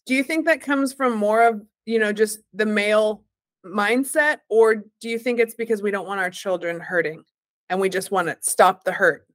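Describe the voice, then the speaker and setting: Woman host, mid-pitched, thoughtful, reflective questions, dry sound. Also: normal speed, no echo. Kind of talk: casual interview talk.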